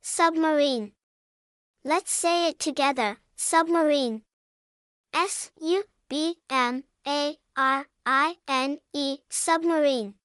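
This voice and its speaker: A woman narrating a scripted vocabulary lesson for young children, spelling words out slowly and adding playful sound words. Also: high-pitched, dry recording, clean studio sound. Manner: slow, even spelling-out with cheerful sound words. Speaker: vocabulary teacher.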